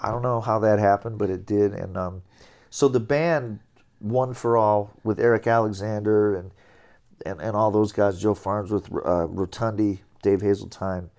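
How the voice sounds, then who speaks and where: With a fairly low voice at normal speed, a middle-aged man tells jazz stories as an interview guest. A jazz trombonist, he delivers animated anecdotes in a relaxed manner, chuckling and scatting melodies.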